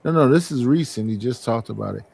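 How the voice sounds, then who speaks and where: A man streamer chatting casually and calmly explaining a clip. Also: medium pitch, quick pace, gravelly, a little hiss or hum. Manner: calm, explaining. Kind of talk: casual chat.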